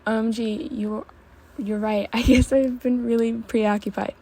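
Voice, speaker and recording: A woman reading the lines of a nervous young adult man, a gentle partner, in a soft, sheepish way. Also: fairly high pitch, flat delivery, a little slow, husky.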